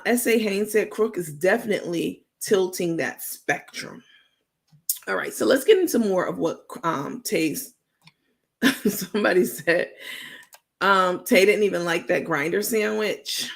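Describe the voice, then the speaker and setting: Host: New York woman, gravelly, loose slangy gossip talk. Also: fairly low pitch. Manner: chatty, drawn-out, slangy, full of fillers. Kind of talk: gossip commentary stream.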